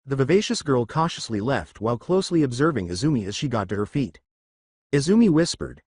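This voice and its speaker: A man narrating fan fiction at a steady pace. His pitch moves a lot, and the recording is dry with no room echo. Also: a little fast, slightly rough. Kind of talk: read-aloud fan story narration.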